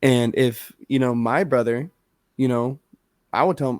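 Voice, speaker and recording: A man's voice: mid-range voice, steady tone, a little fast, darkish tone, no echo, studio quality. A man co-hosting a podcast, talking in a rambling casual way with lots of fillers and swearing. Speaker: podcast co-host.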